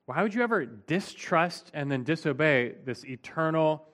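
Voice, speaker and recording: A man's voice: a little high, animated, normal speed, a bit bright. A man preaching an expository Bible teaching in a conversational, emphatic way, often saying "like".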